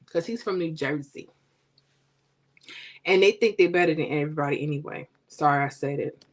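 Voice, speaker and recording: A woman with a slightly low voice hosts a casual livestream. She chats with her viewers, teasing and joking in a playful, animated way. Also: moderate pace. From Florida. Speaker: livestream host. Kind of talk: casual chat with live viewers.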